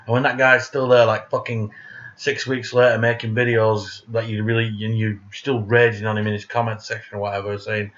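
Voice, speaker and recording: A man's voice: lowish voice, flat delivery, brisk, a bit bright, dull audio. A man ranting in a casual monologue, blunt, profane and sarcastic, who speaks of himself as "we". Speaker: vlogger.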